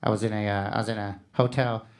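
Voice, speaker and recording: A man in his thirties from Missouri doing a stand-up comedy set, animated and jumping into loud mock voices for his bits. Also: on the low side, quick pace. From Missouri, USA.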